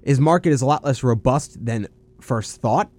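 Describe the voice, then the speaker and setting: A man's voice: mid-range voice, moderate pace, a little mellow. A young man hosting a college radio sports talk show, speaking in a laid-back, rambling way with fillers and self-corrections.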